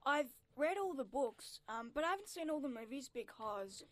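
Woman guest, a touch higher voice, earnest, dry booth sound. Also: big pitch swings, moderate pace, dry recording. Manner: earnest, explains plainly. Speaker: radio show guest. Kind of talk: casual radio chat. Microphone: studio microphone.

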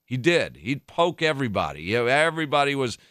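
A relaxed man hosting a podcast who rambles and restarts his sentences. His pitch moves around freely as he talks. The recording is dry and close. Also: fast talker, no room sound. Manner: laid-back, rambling with restarts. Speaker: podcast host. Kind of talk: casual chat.

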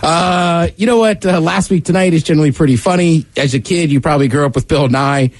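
A man's voice: a little high, a little fast, dry recording. A man co-hosting a radio show, telling jokey stories in casual banter. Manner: animated, jokey storyteller.

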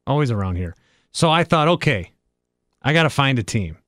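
A man's voice: mid-range voice, very animated, fairly bright tone, no room sound, studio quality. A man from Wisconsin hosting a casual podcast chat, wisecracking and poking fun at himself. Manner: wisecracking and self-mocking, quick asides. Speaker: podcast host.

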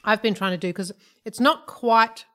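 A middle-aged woman chats easily as a podcast co-host, often breaking into giggles. Her voice sits at an ordinary middle pitch. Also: moderate pace, sharp tone. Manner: chatty, giggly. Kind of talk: casual chat.

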